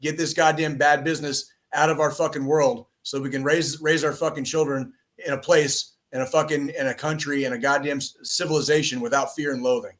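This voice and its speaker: A man's voice: on the high side, fairly even intonation, brisk, hardly any pauses, fairly bright tone. Profane, emphatic male podcast host. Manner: profane, emphatic, repeats "okay?" and "all right?". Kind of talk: impassioned podcast monologue.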